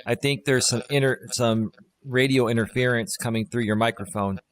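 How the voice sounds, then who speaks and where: A man hosting a live stream as a life coach, cutting in briskly to sort out technical problems. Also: mid-range voice, fairly even intonation. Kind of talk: casual live-stream chat.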